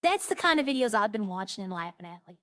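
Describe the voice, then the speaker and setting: A woman's voice: medium pitch, sing-song, quick pace, bright, forceful tone, dry recording. A woman chatting casually on a roleplay stream, rambling through funny stories and imitating the people she quotes.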